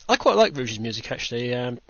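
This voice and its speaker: A man's voice: mid-range voice, very animated, quick pace, a bit bright, no echo. A British man hosting a podcast in casual chat, rambling with dry self-mocking asides. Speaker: podcast host. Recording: dull lo-fi home recording.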